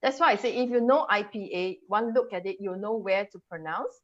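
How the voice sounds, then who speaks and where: A Singaporean woman coaches English pronunciation over a video call, animated and quick to laugh as she drills each vowel aloud. Her voice sits at a middling pitch. The call audio is dull and lo-fi. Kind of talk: webinar teaching, demonstrating sounds.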